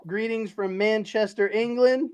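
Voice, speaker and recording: An excitable man co-hosts a sports podcast, short of breath and tripping over his own words. He restarts his sentences constantly, too worked up to settle. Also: high voice, a little slow, a crowd in the background. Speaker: podcast co-host. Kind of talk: excited post-game chat.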